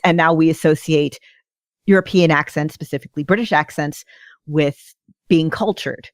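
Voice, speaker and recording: A woman co-hosting a fan podcast, chatting in an animated, enthusiastic way. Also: on the low side, no room sound, clean studio sound. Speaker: podcast co-host. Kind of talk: casual podcast chat.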